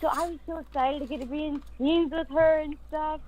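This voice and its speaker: A voice actress guest talking excitedly and upbeat in a casual chat. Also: female voice, high voice, fairly quick, poor audio.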